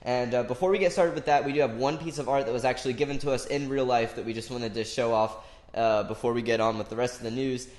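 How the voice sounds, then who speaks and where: A young man with a blocked-up, nasal voice from a cold, chatting casually on his podcast at an ordinary pitch. The room is roomy and echoey around him, and he keeps slipping in fillers as he rolls along. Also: steady tone, fast talker, darkish tone. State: stuffy nose from a cold. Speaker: podcast co-host. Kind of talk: casual gaming podcast chat.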